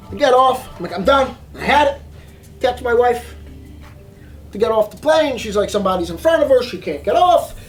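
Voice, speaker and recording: A man telling a story in an excitable way, acting out voices and reactions. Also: very high-pitched. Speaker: vlogger telling a travel story. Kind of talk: animated storytelling monologue.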